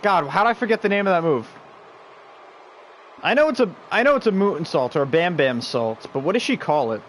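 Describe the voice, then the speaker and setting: Man, game wrestling commentary, excitable play-by-play, slightly high voice, faint background hiss. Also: brisk. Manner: excitable, shouts the big moves, chats with viewers between calls. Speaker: stream host and play-by-play commentator.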